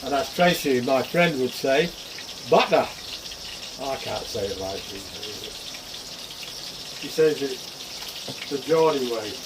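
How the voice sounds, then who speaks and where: Over the noise of a sizzling pan and tap water, a cooking vlogger talks casually to his viewers, addressing them as folks. He cooks in his home kitchen, his mid-range voice animated and moderately paced.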